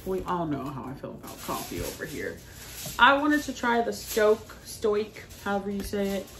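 A woman's voice: mid-range voice, very animated, moderate pace, fairly bright tone. Chatty woman in an echoey kitchen. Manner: chatty, laughs easily, drawls product names. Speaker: vlogger. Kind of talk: casual grocery haul chat. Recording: echoey room with noise.

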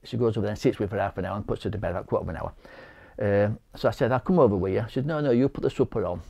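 A middle-aged man with a Yorkshire accent speaks in a low, dark voice. He tells his story haltingly, stumbling over and repeating words, and acts out the conversations he recounts. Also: creaky. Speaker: interviewee, bereaved husband. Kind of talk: personal testimony.

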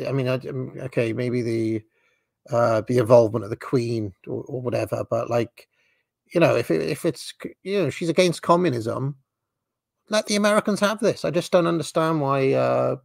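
Gravelly, puzzled man reacting to clips. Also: medium pitch, a little mellow, no room sound, studio quality. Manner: puzzled, rambling, with hesitant restarts. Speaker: host. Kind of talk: casual reaction commentary.

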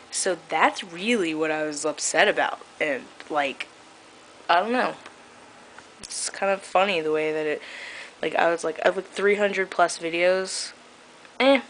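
A young woman with a low-pitched but bright voice rants casually to her webcam, piling on fillers, sarcasm and quick laughs. A faint hiss of room noise sits under her voice. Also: rough recording. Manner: chatty, filler-heavy, laughs often, sarcastic. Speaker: vlogger. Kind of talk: casual vlog rant.

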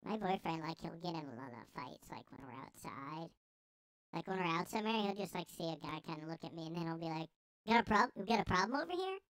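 A man's voice: a little high, quick pace, creaky, clear, resonant tone, no room sound, voice pushed up. A man voicing a young woman who gushes crudely over her boyfriend's fights, in a breathless, exaggerated comic parody. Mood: gushing. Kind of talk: comedic parody.

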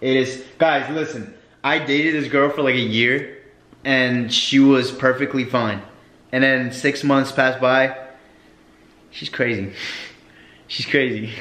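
A man's voice: medium pitch, steady tone, slow pace, long pauses, a bit bright. A young man, friend of the host, talking bluntly and with frustration in a casual vlog, swearing a lot. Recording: echoey room.

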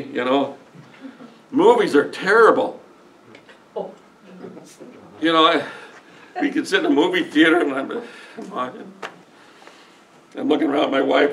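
A man's voice: a little high, fairly bright tone, distant mic. A middle-aged man preaching a sermon as pastor, earnest, folksy and openly emotional. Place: church sanctuary.

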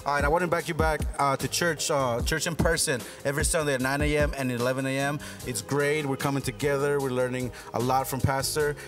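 A man's voice: mid-range voice, steady tone, fast, hardly any pauses, music in the background. A man hosting a church discussion show, upbeat and enthusiastic, welcoming his guests. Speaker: host.

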